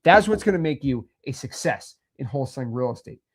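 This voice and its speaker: A man's voice: medium pitch, animated, fairly quick, husky. A man hosting a talk, speaking bluntly and pushily and repeating himself. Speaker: host. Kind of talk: motivational talk.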